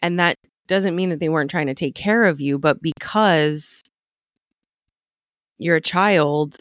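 A woman's voice: low-pitched, unhurried, no echo. Reflective woman, dry close sound. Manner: reflective, searching for words with many restarts. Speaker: podcast co-host. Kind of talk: casual conversation.

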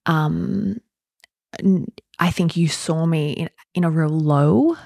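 A woman with a low, gravelly voice talks openly and thoughtfully as a podcast host. She recounts her story in an unhurried, reflective way. The sound is dry and close, with no room echo. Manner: reflective, open storytelling with soft fillers. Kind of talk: candid personal conversation.

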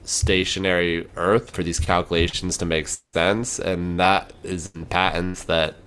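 A man co-hosting a casual podcast, talking in a rambling, animated way with fillers and laughs. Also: sits low, unhurried, smooth. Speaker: podcast host.

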